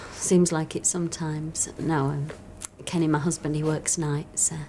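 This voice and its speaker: A woman's voice: deep voice, little pitch movement, measured pace, mellow, a little hiss or hum. An actress playing a tired, sleepless woman, talking hesitantly with sighs, in a television drama. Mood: weary. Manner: hesitant, sighing, wry. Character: weary insomniac woman, soldier's wife. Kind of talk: TV drama acting.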